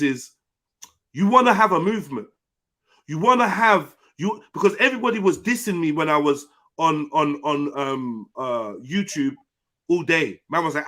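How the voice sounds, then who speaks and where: A man hosts a heated online panel chat, blunt and full of slang and swearing. His voice sits noticeably high for a man. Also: fairly bright tone. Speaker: panel host.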